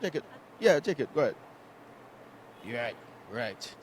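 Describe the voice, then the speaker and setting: A man's voice: mid-range voice, big pitch swings, unhurried, slight background noise. A man interviewing passers-by on a city street in a playful, teasing quiz style. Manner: playful, teasing, sing-song questioning.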